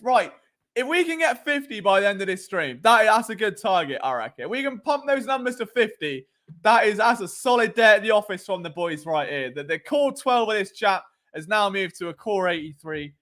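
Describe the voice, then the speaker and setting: High-voiced man chatting on stream. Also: very animated, moderate pace, sharp tone. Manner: chatty, jokey, self-deprecating, trips over names. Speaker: sports podcast host. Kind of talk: casual live stream chat reading comments. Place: home at night, below noisy neighbours.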